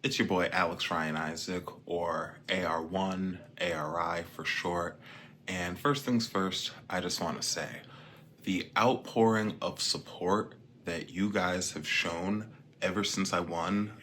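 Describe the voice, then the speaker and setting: A man's voice: low voice, fairly even intonation, takes it slowly, a bit bright, a little hiss or hum. A man playing a brash young wrestling champion, cutting a swaggering promo straight to his fans. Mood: boastful. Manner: swaggering, addresses fans directly.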